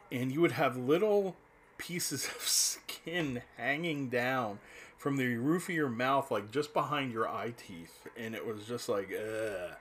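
A man's voice: medium pitch, a bit bright, a little hiss or hum. A man in his fifties from New Jersey, rambling nostalgically in a casual spoken monologue, with restarts and the odd curse. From New Jersey, USA. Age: 50s. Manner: rambling, nostalgic, profane, self-interrupting.

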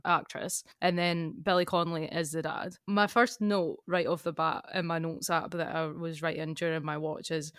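A young woman, co-hosting a podcast in casual chat, laughing often between quick asides. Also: low-pitched, smooth, no echo, clean studio sound. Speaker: podcast co-host.

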